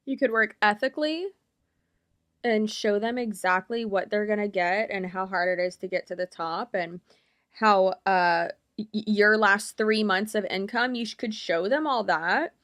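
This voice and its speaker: A woman's voice: mid-range voice, moderate pace, a bit bright. A woman YouTuber giving blunt, opinionated reaction commentary, rambling with lots of fillers.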